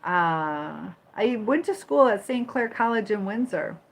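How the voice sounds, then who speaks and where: A woman's voice: mid-range voice, lively intonation, measured pace, vocal fry. A woman from Michigan and Indiana hosting a casual livestream, chatting with viewers, greeting them by name and firmly moderating the chat. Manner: firm when moderating the chat. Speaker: livestream host.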